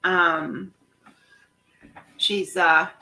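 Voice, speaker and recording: A woman's voice: on the low side, steady tone, very slow, pushed and bright, poor audio. Chatty rambling woman host. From New Zealand. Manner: chatty, rambling with many restarts. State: nauseous. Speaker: host of a craft chat stream. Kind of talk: casual chat while diamond painting.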